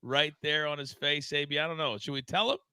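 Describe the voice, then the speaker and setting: A man's voice: a little high, steady tone, brisk, pushed and bright, smooth, no room sound, low-quality recording. A man hosting a live sports betting stream, teasing his co-hosts and hyping up segments. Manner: playful, teasing banter and hype promos. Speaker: sports betting show host.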